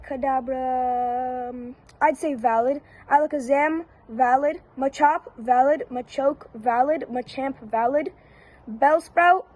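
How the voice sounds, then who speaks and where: A woman giving casual one-word verdicts down a long list, flat and repetitive with brief hesitations. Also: sits high, low-quality recording. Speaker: YouTuber.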